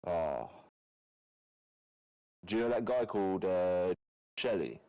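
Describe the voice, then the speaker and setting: Deep streamer, crude slangy trash talk with mates on chat. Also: male voice, very animated, takes it slowly, mellow, clean tone, no room sound, highs cut off. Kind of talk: casual banter with friends on voice chat.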